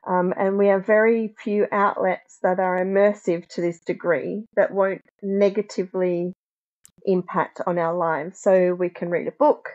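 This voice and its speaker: Slow, thoughtful woman on muffled audio. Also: lowish voice, fairly even intonation, darkish tone. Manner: thoughtful, searching for words. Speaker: podcast guest. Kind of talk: reflective conversational discussion. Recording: dull lo-fi sound.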